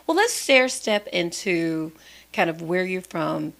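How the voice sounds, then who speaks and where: A woman's voice: on the low side, lively intonation, slow, creaky, fairly bright tone. A woman from East Texas hosting a casual interview, asking questions and chiming in with short affirmations. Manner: asks questions, affirms often with short replies. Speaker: host.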